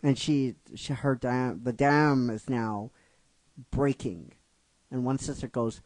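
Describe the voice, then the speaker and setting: Slow, halting male storyteller. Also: medium pitch, darkish tone, dry recording, poor audio. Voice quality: halting, restarting phrases. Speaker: narrator retelling a fan script. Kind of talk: emotional storytelling recap.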